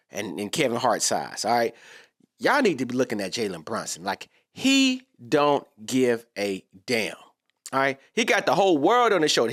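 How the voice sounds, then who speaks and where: A man's voice: mid-range voice, pushed and bright. A man giving a casual, slangy sports reaction monologue, talking straight to his viewers.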